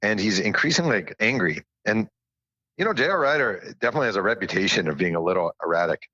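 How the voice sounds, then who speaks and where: A man with a deep, low voice tells stories as a podcast guest, slipping into the voices of the people he quotes and poking fun at himself. The sound is dry and a little dull, like a lo-fi remote mic. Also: fast talker, no echo. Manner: animated storyteller who acts out quotes, self-deprecating. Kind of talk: casual interview storytelling.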